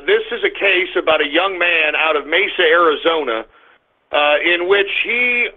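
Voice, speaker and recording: A man hosting an internet talk radio show, ranting loudly and cursing. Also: fairly high pitch. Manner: ranting, profane, loud outbursts. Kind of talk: call-in talk radio monologue. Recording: tinny phone-line sound.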